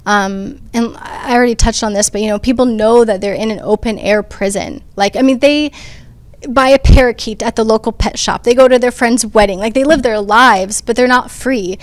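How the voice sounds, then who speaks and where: A woman with a somewhat high voice speaks earnestly as a panel guest, recounting her story conversationally. She fills pauses with ums and restarts sentences as she goes. The sound is dry and close, with no room echo. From United States. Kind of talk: personal testimony in a panel discussion.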